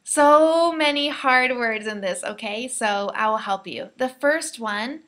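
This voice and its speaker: An American woman teaching English pronunciation, slowly modelling words and phrases for learners to repeat. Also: on the high side, fairly bright tone. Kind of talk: pronunciation lesson.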